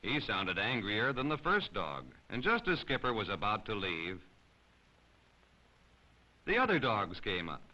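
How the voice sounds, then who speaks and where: Animated male storybook narrator. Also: on the low side, a little slow, pauses often. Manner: expressive, animated. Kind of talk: children's storybook reading. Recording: slightly dull lo-fi recording.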